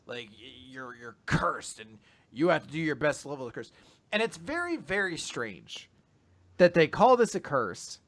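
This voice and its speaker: A young man casually chatting as a podcast co-host, rambling through summaries and slipping into animated quoted voices. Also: a little high, moderate pace. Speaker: podcast co-host recapping manga. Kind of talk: casual chat.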